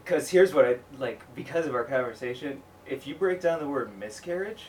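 A man's voice: mid-range voice, lively intonation, brisk, darkish tone, distant mic, a little hiss or hum. A man guesting on a comedy podcast, playfully riffing on odd ideas and asking many questions. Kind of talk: casual comedy chat.

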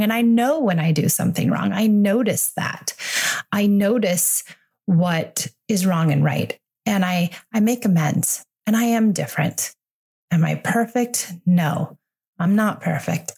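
A woman's voice: medium pitch, gravelly, a little mellow. A woman in her forties, a parenting coach hosting her own podcast, talking in a candid, earnest and reassuring way. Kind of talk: solo podcast monologue.

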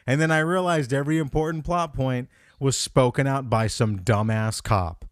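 A man hosts a comedy podcast, casually ranting about a movie with plenty of swearing. He's profane and animated, acting out his own thoughts in quotes. His medium-pitched voice moves at a normal speed, recorded with studio quality and no echo.

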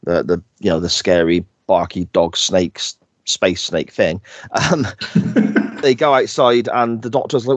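A man's voice: lowish voice, fairly even intonation, unhurried, no room sound. A man co-hosting a podcast, chatting casually and laughing as he retells episode scenes with quoted lines. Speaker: podcast co-host. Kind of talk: casual chat recapping an episode.

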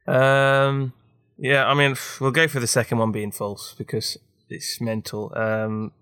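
A man's voice: mid-range voice, monotone, measured pace, bright, forceful tone, clean tone, no room sound, clean studio sound. A young man hosting a casual podcast, sardonic and sweary. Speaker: podcast host. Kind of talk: casual chat.

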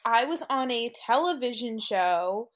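A woman's voice: a little high, expressive, measured pace. A woman co-hosting a podcast among friends, giggly and casual, with many filler words. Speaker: podcast co-host.

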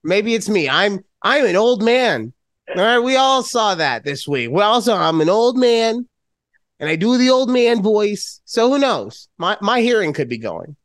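A middle-aged man co-hosts a casual podcast over a video call. He is loud and ribbing, and his voice swings widely in pitch. The sound is dry and close. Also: very animated, a little slow, dry recording. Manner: loud, teasing, jumps to high-pitched outbursts. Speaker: podcast co-host. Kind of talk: casual chat.

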